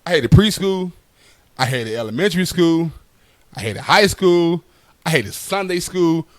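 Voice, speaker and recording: A man's voice: on the high side, lively intonation, measured pace, no room sound. A young man telling stand-up stories in a loose, conversational way, tagging lines with "right?". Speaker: stand-up comedian. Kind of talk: stand-up storytelling.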